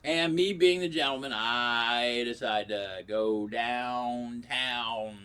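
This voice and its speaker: A man's voice: mid-range voice, slow, few pauses, bright, forceful tone, clear, resonant tone. A man rambling through crude, profane comic stories in a casual vlog. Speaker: comedy vlogger.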